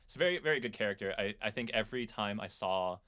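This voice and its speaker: A man co-hosting a podcast, chatting about a film in an easygoing, hesitant way that trails off quietly. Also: on the low side, expressive, fast talker, clear, resonant tone. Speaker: podcast co-host. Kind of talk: casual chat about a film.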